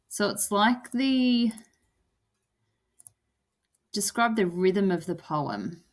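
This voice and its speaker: A woman's voice: mid-range voice, animated, extremely slow, long pauses. A woman teacher walking through a lesson, thinking aloud with lots of "kinda" and "um". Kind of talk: recorded lesson walkthrough.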